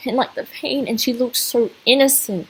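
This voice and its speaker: A woman's voice: high-pitched, darkish tone, low-quality recording. A woman giving a casual video review as a fan, gushing and rambling with many fillers and restarts.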